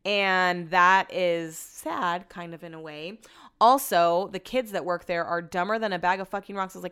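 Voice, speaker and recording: A woman's voice: on the low side, moderate pace, a bit bright, clear, resonant tone. A woman hosting a podcast, telling a story in a chatty, sarcastic way and swearing freely. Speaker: podcast host.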